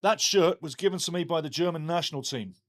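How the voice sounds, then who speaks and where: A talkative man hosts a live football watchalong from a home setup, greeting viewers by name and giving his blunt takes on the game. His voice sits a little high for a man, and he tends to repeat his lines for emphasis. The desk mic sounds close and dry, with no room echo. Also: fast talker. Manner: chatty, reads viewer comments aloud, repeats himself; outspoken and blunt. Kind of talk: live stream chat and football talk. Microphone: desk microphone.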